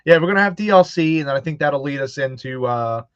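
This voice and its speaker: In a casual chat, a man acting as host tells animated stories, voices the people he quotes and laughs frequently. His voice sits a little high, with lively intonation and a brisk, smooth delivery. There's no echo, and the sound is dull, dry and lo-fi.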